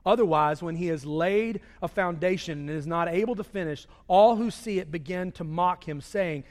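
High-voiced preaching man, hall reverb. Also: moderate pace. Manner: preaches with dramatic swings between loud raised delivery and hushed low quoting. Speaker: pastor. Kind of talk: sermon. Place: church sanctuary. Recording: long reverb of a large hall.

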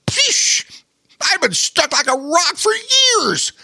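A man voicing an excitable little male garden gnome in a children's story, squeaky and full of exclamations. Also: slow pace, no room sound, heavily acted. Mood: exuberant.

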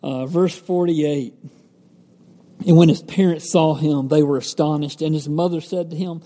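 Mellow-voiced man preaching in an echoey hall. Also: on the high side, steady tone, normal speed. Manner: conversational, with fillers and self-corrections. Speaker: pastor. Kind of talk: sermon, Bible teaching. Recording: echoey hall with long reverb.

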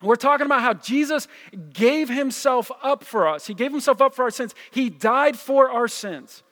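A pastor from New with a fairly high voice, preaching in a casual, conversational way. He repeats himself and keeps asking "right?" to draw the room in. His voice rings out with a long, echoing reverb. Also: normal speed, a bit bright. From New Jersey. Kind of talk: sermon. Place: church hall.

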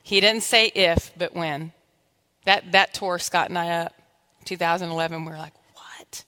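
A woman's voice: fairly low pitch, fairly even intonation, moderate pace, bright, forceful tone, smooth. A woman pastor giving a conversational, humorous sermon in church, exhorting her congregation.

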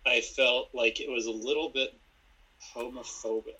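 A man co-hosting a casual podcast, giving dry, deadpan critiques and citing timestamps. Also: mid-range voice, normal speed, breathy edge, rough recording. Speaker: podcast co-host. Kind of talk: casual episode recap chat.

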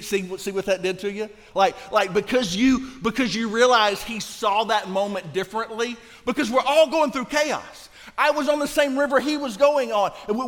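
A man from Louisiana preaching a sermon, emphatic, swinging between loud declarations and hushed lines. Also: high voice. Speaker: pastor. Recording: long reverb of a large hall.

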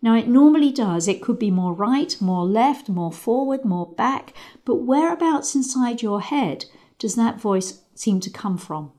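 Calm woman guiding a riding lesson. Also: a little high. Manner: calm, measured, guiding with frequent pauses. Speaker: riding instructor. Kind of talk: guided visualisation lesson.

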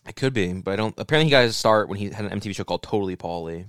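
A quick-talking man with a smooth, clear voice riffs sarcastically in casual banter. His voice sits at an ordinary pitch, recorded close and dry with no room sound. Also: a bit bright, no room sound. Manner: sarcastic, riffing and joking. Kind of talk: casual chat.

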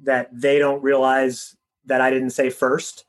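A man's voice: medium pitch, monotone, a little slow. A man in his thirties interviewing a guest, asking long rambling questions with frequent restarts. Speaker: interviewer, teacher.

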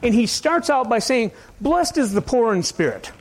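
A man preaching a sermon in a conversational, rambling way, asking his listeners question after question and swinging between loud and soft. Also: very high voice, big pitch swings, moderate pace, breathy edge. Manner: conversational, asks the audience many questions. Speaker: pastor.

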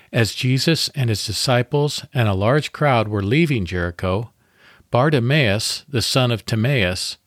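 A man hosting a devotional podcast, reading a guided Bible meditation in a calm, measured way with pauses. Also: medium pitch, no echo, clean studio sound.

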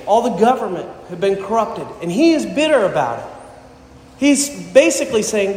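A man's voice: sing-song, moderate pace, a little mellow. A man preaching a sermon, earnest, rising for emphasis as he reads and explains scripture. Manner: earnest, rises in pitch and volume for emphasis. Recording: echoey hall.

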